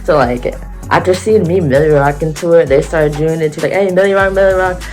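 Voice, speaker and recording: A young woman vlogger telling an excited storytime, slangy and laughing, acting out what people said. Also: deep voice, a little fast, soft background music. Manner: animated, slangy, laughing a lot, acts out quotes.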